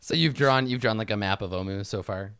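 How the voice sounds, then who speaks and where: A game master narrating a tabletop game in a relaxed way, with lots of "uh"s. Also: mid-range voice, a little fast, smooth, no room sound. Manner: relaxed narration with frequent fillers.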